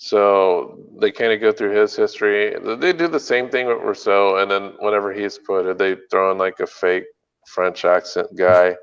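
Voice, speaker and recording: Man, casual podcast chat, low voice, smooth and resonant, hesitant with many fillers, slightly dull lo-fi sound. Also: normal speed. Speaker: podcast co-host.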